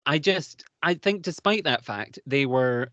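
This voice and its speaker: A man's voice: mid-range voice, expressive, measured pace, a bit bright, no echo. Man, from the uk, podcast co-host, enthusiastic, rambling, dull dry audio. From United Kingdom. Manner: enthusiastic, rambling, laughs often. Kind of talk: casual chat.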